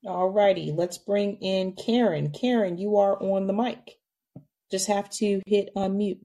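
A woman's voice: medium pitch, a little slow. A woman hosting a live call-in podcast, chatting casually and addressing her listeners directly. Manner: animated, talks directly to listeners. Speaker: podcast host taking calls.

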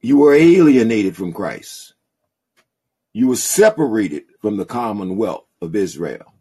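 Slow husky preacher man. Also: fairly low pitch, lively intonation, warm tone. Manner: slow, reads scripture aloud then preaches with rising intensity. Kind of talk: sermon. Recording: call-in podcast audio.

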